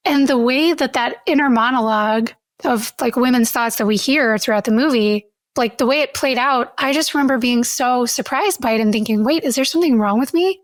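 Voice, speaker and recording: A woman with a slightly high voice co-hosts a podcast in relaxed conversation. She asks curious questions and laughs easily. The sound is dry and close to the mic. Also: a little fast, few pauses, no room sound. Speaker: podcast co-host. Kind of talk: casual chat.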